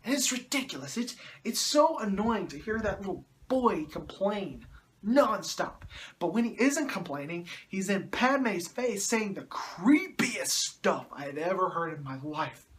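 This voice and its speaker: A man's voice: high-pitched, very animated, unhurried. A man reviewing a movie in a sarcastic, exasperated way, often groaning and mocking the dialogue.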